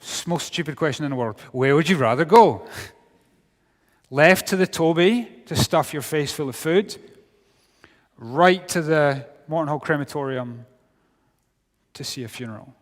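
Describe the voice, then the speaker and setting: A middle-aged Scottish man giving a sermon to young people, wry and humorous, dropping to quiet for serious points. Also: fairly high pitch, moderate pace. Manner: humorous, wry storytelling with sudden drops to quiet. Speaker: youth speaker. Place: large hall. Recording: long hall reverb.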